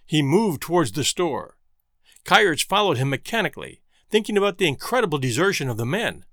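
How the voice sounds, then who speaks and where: A man narrating a story in a measured, expressive way. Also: a little high, no room sound, studio quality.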